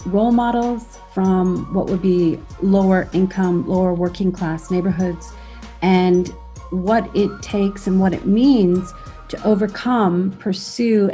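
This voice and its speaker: A woman from Canada, a podcast host, giving a measured and earnest introduction to an episode. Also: mid-range voice, dark tone.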